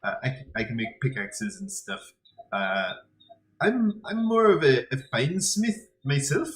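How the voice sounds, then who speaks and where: A man playing a gruff low-voiced dwarf blacksmith. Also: very animated, bright, forceful tone, full character voice, low-quality recording. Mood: hesitant. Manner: hesitant, halting, full of ums. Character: gruff male dwarf blacksmith, modest forge worker.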